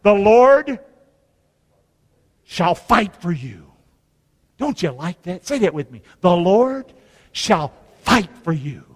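High-voiced preacher in a reverberant hall. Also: male voice, takes it slowly, pauses often. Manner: lively preaching with call-and-response; conversational, joking asides. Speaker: pastor. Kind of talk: sermon.

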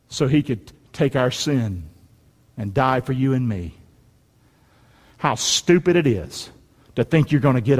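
A man preaching a sermon, reading scripture aloud and leading the congregation to repeat it in a folksy, emphatic way. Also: mid-range voice. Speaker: pastor. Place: church. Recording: long echoey hall reverb.

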